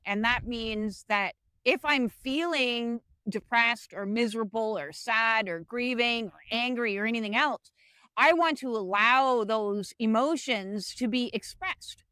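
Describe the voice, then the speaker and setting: A woman's voice: a little high, pushed and bright, clean tone, no echo, rough recording. A woman sharing a personal spiritual vlog, talking earnestly into a fuzzy clip-on microphone and acting out her own inner voice. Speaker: spiritual vlogger.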